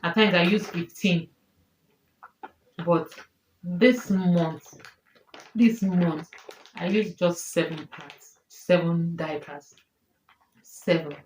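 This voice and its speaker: A woman's voice: on the low side, fairly even intonation, slow, pauses often, darkish tone. A woman in her thirties with a Nigerian accent, talking emotionally and repeating herself as she tells viewers about her health in a personal vlog. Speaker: vlogger. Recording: echoey room, faint noise.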